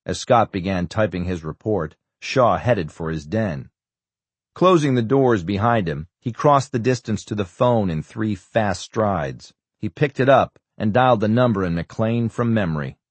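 Deep-voiced male audiobook narrator. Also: measured pace, slightly rough, no echo. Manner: steady, even storytelling. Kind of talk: scripted narration.

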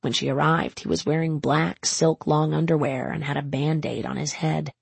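Husky, low-voiced woman narrating. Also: steady tone, moderate pace, few pauses, no room sound. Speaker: audiobook narrator. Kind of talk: scripted narration.

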